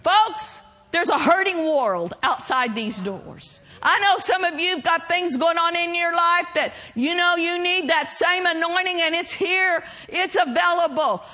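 A woman preaching a sermon, swinging between loud shouted lines and soft hushed ones. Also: very high voice.

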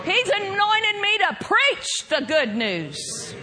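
A woman preaching a sermon, swinging between loud shouted lines and soft hushed ones. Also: very high-pitched, huge pitch swings, takes it slowly, some chatter behind.

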